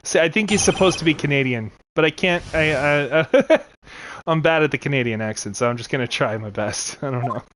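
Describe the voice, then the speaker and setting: A man's voice: on the high side, a little fast, a bit bright, slight background noise. Laughing easygoing let's-play man. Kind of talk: casual gameplay commentary. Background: game music.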